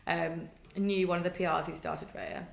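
A woman's voice: on the low side, moderate pace, vocal fry, crowd noise. A woman in her thirties chatting casually as a guest, animatedly acting out what other people said. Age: 30s. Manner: animated, quotes people in exaggerated voices. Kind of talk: casual chat. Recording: roomy echo.

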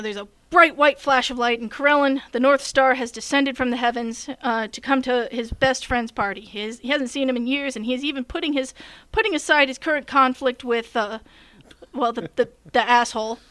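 Woman game master, casual storyteller, high clear voice, dry close sound. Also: moderate pace, a bit bright, dry recording. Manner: rambling storytelling with fillers. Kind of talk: casual chat.

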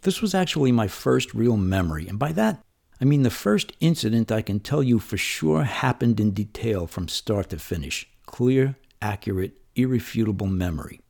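Low, gravelly male storyteller from New York, husky, conversational and wry. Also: expressive, moderate pace, a little mellow. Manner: conversational, vivid, wry retelling of childhood. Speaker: memoir storyteller. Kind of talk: personal storytelling monologue.

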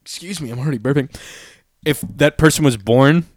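A man's voice: a little high, a little fast, no room sound, clean studio sound. A man hosting a casual podcast, trading crude jokes and swearing freely as he chats with a friend. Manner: crude, joking, swears a lot. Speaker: podcast host.

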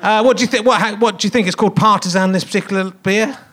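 A man's voice: high-pitched, fairly even intonation, fast talker, a bit bright. A man in his fifties hosting a live comedy podcast on a theatre stage, rambling and jokey as he teases the audience. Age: 50s.

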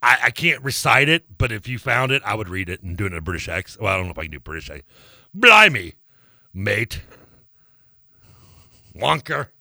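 A man co-hosting a sports radio show in casual banter, rambling and restarting his sentences, quick to laugh. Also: fairly low pitch, steady tone, bright, forceful tone, no echo, studio quality. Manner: rambling, self-interrupting, laughs easily.

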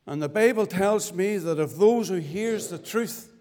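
Middle-aged man, lay preacher, pleading gospel testimony, pitched slightly high, long hall reverb. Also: darkish tone. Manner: earnest, pleading, with dramatic pauses. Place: church fellowship hall.

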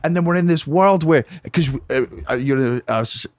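A man's voice: fairly high pitch, no room sound. A man who is a comedian, guesting on a podcast in casual chat and talking in an emphatic, profane way. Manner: emphatic, profane, quick banter.

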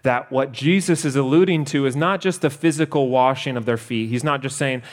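A man delivering a sermon with an earnest, deliberate manner. He slows his pace for emphasis and speaks at an ordinary middle pitch. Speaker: preacher.

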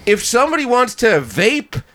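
A man's voice: very high-pitched, huge pitch swings, normal speed, fairly bright tone, full character voice. A man playing a self-proclaimed liberal activist who rambles, hesitates and lets his voice rise at the end of every sentence. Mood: eager. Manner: rambling, hesitant, full of fillers. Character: adult man posing as an over-the-top liberal activist, rambling and permissive. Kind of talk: improvised comedy character.

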